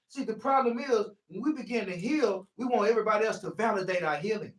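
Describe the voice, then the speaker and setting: High-voiced man preaching in an echoey room. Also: expressive, brisk, few pauses. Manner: preachy, repeats "see" to drive points home. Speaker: healing speaker. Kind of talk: motivational talk. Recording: echoey room, voice far from mic.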